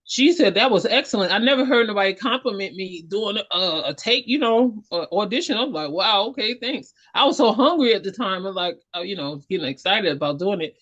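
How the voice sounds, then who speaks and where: A woman guest on an interview talks her way through her stories, rambling and earnest. Her voice sits at a middle pitch. The audio is dull and lo-fi. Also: expressive, a little fast, few pauses, a bit bright. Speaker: actor and singer guest. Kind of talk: casual interview chat.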